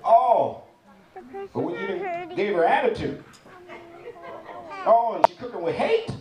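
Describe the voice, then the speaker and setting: A man performing stand-up comedy at a church event, telling his jokes in an animated, playful way. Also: very high-pitched, measured pace, noisy background. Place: church event stage before a live audience. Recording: roomy, distant sound with audience laughter.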